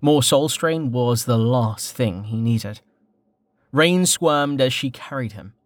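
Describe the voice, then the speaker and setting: A man narrating a fantasy novel in an expressive, varied storytelling manner. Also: mid-range voice, slow, no echo, clean studio sound. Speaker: audiobook narrator.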